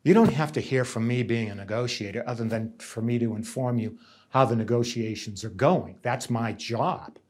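A man's voice: mid-range voice, normal speed, a little mellow. A middle-aged man, a union negotiator giving earnest, emphatic interview testimony and often repeating words.

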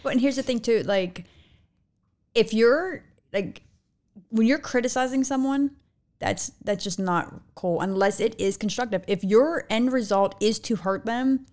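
A woman's voice: on the high side, unhurried, a little mellow. A middle-aged woman chats casually alongside her daughter. She talks emphatically and supportively, often cutting in to agree. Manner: supportive, emphatic, frequent "right". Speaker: mother of the vlogger. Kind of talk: casual chat.

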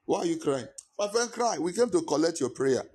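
A man's voice: fairly high pitch, big pitch swings, a little fast, darkish tone, breathy edge. A man voicing impatient angels who scoff at a crying person, brusque and mocking. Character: impatient angels, puzzled by human tears.

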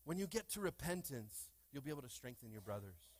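A man preaching a lively sermon in a church, with call-and-response and playful asides to the congregation. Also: medium pitch, fairly quick. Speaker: pastor. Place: church sanctuary.

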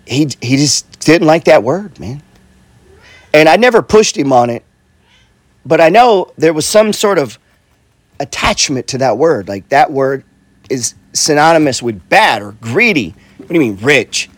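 This middle-aged man, an investor and coach in real estate, delivers an informal pep talk full of bluntness, swearing, repetition, and constant "right?" and "bro." His fairly high voice swings widely in pitch and moves a little slowly, with no room sound.

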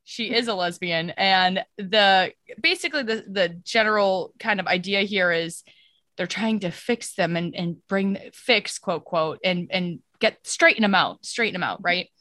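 A woman's voice: medium pitch, unhurried, pushed and bright, dry recording, studio quality. A young adult woman co-hosting a casual podcast, rambling through a plot summary with many fillers and restarts. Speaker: podcast co-host. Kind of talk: casual chat.

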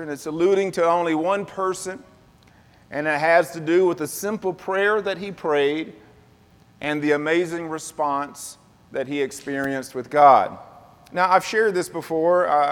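Slow-talking preacher in a reverberant hall. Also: male voice, on the high side. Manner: call-and-response preaching, asks the congregation to repeat words. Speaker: pastor. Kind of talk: sermon. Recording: long reverb of a large hall.

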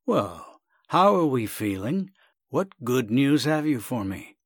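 A man's voice: mid-range voice, big pitch swings, slow pace, dry recording, clean studio sound, heavily acted. A man voicing a cheerful middle-aged doctor in a storybook reading, hearty and a bit hesitant. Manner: hearty, then hesitant and muttering.

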